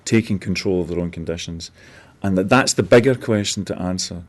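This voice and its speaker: A man's voice: low voice, fairly quick. A man co-hosting a talk show, musing aloud and asking long, thoughtful questions. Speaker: co-host. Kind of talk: casual chat and interview.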